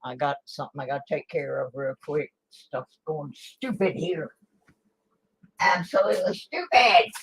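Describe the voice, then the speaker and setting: A woman's voice: low voice, measured pace, slight background noise. A woman hosting a casual home livestream, chatting in a folksy way and eating as she talks into her desk microphone. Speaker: host of a coin collecting livestream.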